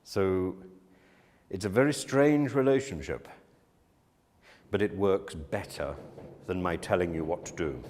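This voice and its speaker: A man teaches a room of students at a slow, deliberate pace, his slightly low voice rising and falling in lively swoops. He acts out the things people say with sudden emphasis. The recording carries a long reverb, as in a large hall. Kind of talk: talk to students on directing and teaching.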